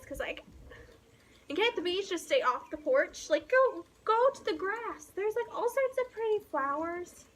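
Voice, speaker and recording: A young woman chatting casually on her porch as a book vlogger, telling dramatic, giggly stories. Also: extremely high pitch. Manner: animated storyteller, giggly and dramatic. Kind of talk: casual rambling chat. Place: outdoor porch.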